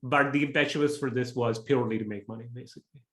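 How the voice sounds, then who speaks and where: A man giving frank, blunt interview answers as a real estate investor, talking in quick bursts. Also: mid-range voice, steady tone, fairly bright tone. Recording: echoey room.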